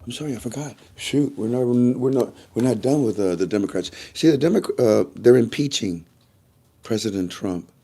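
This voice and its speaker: A man's voice: mid-range voice, expressive, moderate pace, dark tone, slightly rough. A man vlogging to his viewers in a casual, rambling monologue, repeating himself often and making chatty asides. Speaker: YouTube vlogger.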